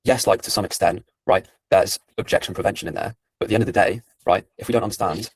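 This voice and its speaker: Deep-voiced, fast-talking young salesman. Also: husky. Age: 20s. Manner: calm, persistent, keeps turning answers into questions. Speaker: sales closer. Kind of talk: sales call conversation.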